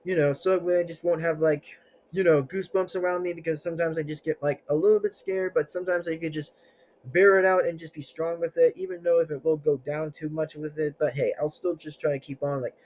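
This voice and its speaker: A man's voice: fairly high pitch, fairly even intonation, fairly quick, darkish tone, rough recording. A man giving a casual vlog rant to camera, agitated and defensive, rambling with many restarts, fillers and tangled phrasing. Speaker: channel owner.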